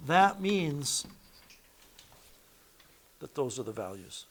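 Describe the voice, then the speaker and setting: Man teaching a math class, voice a bit high. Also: sing-song, slow, fairly bright tone. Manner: explains step by step, correcting himself aloud. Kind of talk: classroom lecture.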